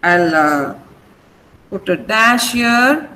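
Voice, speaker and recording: A woman's voice: a little high, animated, very slow, pushed and bright, in a large hall, low-quality recording. A woman teaching an online vocabulary class over a video call, patiently repeating words to drill the stress.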